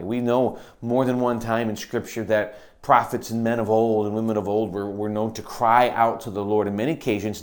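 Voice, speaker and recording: A man preaching a sermon, earnest, moving between loud emphasis and quiet, intense passages. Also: mid-range voice.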